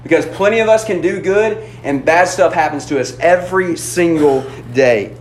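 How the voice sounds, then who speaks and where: Casual youth pastor in an echoey hall. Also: male voice, on the high side. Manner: casual and conversational, with frequent "like" and "man" and quick restarts. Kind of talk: lively youth sermon. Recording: roomy echo, faint room noise.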